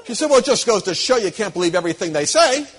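A man preaching to a live audience, telling lively anecdotes, acting out quoted people and chuckling as he goes. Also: high-pitched, quick pace, crowd noise, noisy background. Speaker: Christian conference speaker. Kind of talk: storytelling sermon to a live audience.

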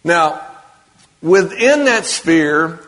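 A man's voice: a little high, animated, very slow, fairly bright tone. A man giving a sermon to a congregation in a conversational way, often asking the audience questions. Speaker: preacher. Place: church or meeting hall with an audience. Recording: long reverb of a large hall.

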